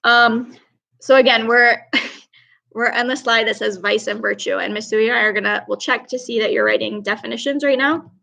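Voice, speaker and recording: A woman's voice: on the high side, steady tone, moderate pace, gravelly, pushed and bright, low-quality recording. A young woman teacher running an online class over a video call, chatty and upbeat as she praises students.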